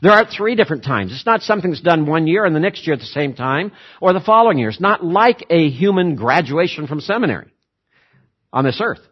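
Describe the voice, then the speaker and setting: A man preaching a sermon, emphatic, repeating words for stress and switching between slow, weighty phrases and quick runs. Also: fairly high pitch, lively intonation, husky, dull audio. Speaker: pastor.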